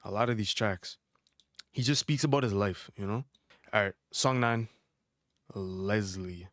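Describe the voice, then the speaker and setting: A young man hosting a casual album reaction, chatty and animated, using slang and laughing often. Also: on the low side, unhurried. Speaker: music reaction host.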